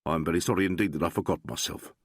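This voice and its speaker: A man's voice: sits low, racing, dry recording, clean studio sound, pitched below the performer's own voice. A man voicing a proud, formal male doctor who speaks in stiff, precise sentences. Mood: solemn.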